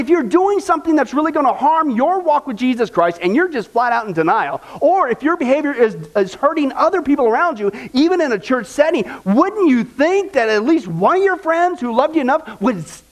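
A man's voice: very high-pitched, very animated, brisk. A middle-aged male pastor preaching a conversational sermon, asking the congregation rhetorical questions.

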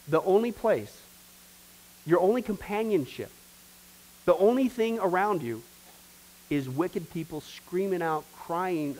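A man's voice: on the high side, expressive, normal speed, a little mellow, poor audio. Emphatic man teaching a church class. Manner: emphatic, repetitive, addresses the class directly. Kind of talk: sermon-style class teaching.

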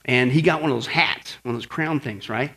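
A man's voice: medium pitch, brisk, creaky. A middle-aged man preaching a sermon on apologetics. He tells stories animatedly and keeps asking the listeners "right?". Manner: animated storytelling with acted shouts and asides. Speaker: pastor teaching apologetics.

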